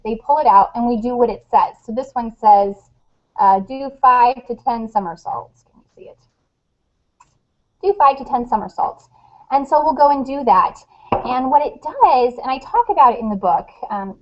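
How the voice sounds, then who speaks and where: Woman, fairly high voice, animated storyteller, dull lo-fi webcast sound. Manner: animated storyteller, acts out quotes. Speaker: guest author. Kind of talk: casual webcast chat.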